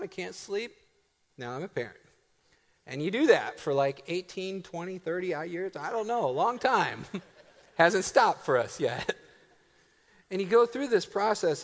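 A middle-aged man delivers a sermon in a church sanctuary. His voice is lively and moves around a lot, with playful asides and laughter that give way to slow, emphatic lines. The sound carries a long, echoing hall reverb. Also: a little high. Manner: animated, joking, laughs often, builds to emphatic slow phrases. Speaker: pastor.

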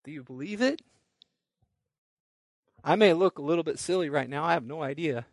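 A male pastor preaching a recorded sermon alone in a room, moving between quiet scripture reading and loud call-and-response revival exhortation. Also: a little high, lively intonation, normal speed, no room sound. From Midland, Michigan area church. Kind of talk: recorded sermon to home viewers. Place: room alone without congregation.

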